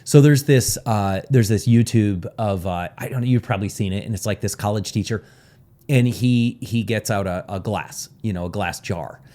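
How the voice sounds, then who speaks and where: Rambling, low-voiced male time coach. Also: normal speed, warm tone. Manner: rambling, with sidebars and frequent "right?" check-ins. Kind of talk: casual teaching talk.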